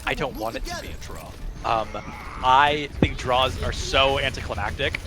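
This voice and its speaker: A young man calling a live esports match, quick and excitable in his play-by-play, with game music behind him. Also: mid-range voice.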